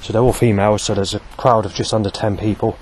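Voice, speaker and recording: Rambling low-voiced man. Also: fairly even intonation, quick pace, darkish tone, a little hiss or hum. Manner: rambling, with many fillers. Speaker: vlogger. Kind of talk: walking monologue. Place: outdoors on a street.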